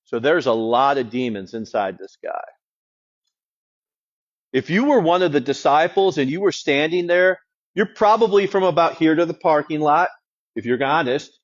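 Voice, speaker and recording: A man's voice: fairly high pitch, expressive, moderate pace. A man preaching a sermon as a pastor, in a conversational, wry teaching tone. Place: church. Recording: dull lo-fi sound.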